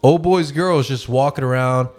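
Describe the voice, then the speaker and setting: A man hosting a podcast and telling a long, animated story, swearing freely and acting out the voices of the people in it. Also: medium pitch, normal speed, slight background noise. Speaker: podcast host. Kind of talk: casual storytelling.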